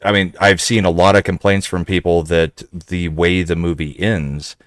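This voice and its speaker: A man's voice: sits low, flat delivery, normal speed, dry recording, clean studio sound. A man co-hosting a podcast who chimes in with corrections and extra details during a casual film chat. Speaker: podcast co-host. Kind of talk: casual movie review chat.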